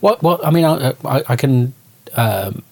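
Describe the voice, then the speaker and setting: A man's voice: medium pitch, animated, measured pace, gravelly. A man from Liverpool interviewing, asking thoughtful, probing questions with some hesitation. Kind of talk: conversational interview.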